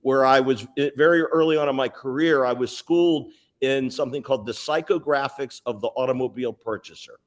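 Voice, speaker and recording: Animated older man telling stories. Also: medium pitch, a little fast, few pauses. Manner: animated, anecdotal, lists details. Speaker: guest sales executive. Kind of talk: storytelling interview answers.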